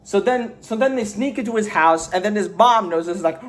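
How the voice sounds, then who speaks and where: Guy with a pretty high voice doing a casual movie review, rambly, lots of uh and so then. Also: fairly quick, few pauses. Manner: rambling, filler-heavy storytelling; slangy, offhand.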